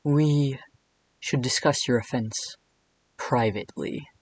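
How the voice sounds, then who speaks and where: A man doing an impression of an actor playing a flirty, seductive cat king, speaking low, soft and slow. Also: a little hiss or hum, natural voice. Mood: sultry.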